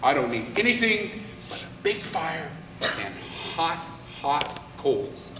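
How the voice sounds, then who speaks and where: A man voicing a calm, knowing male frog who speaks quietly, low and steady. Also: slow, slight background noise, exaggerated voice. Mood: confident. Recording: echoey hall, voice from far off.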